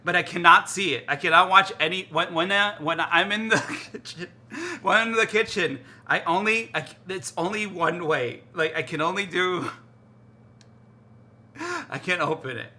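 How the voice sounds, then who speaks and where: A man chatting casually to his stream while cooking in his kitchen, excitable and rambling, often repeating himself. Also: sits high, normal speed. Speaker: live streamer. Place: home kitchen.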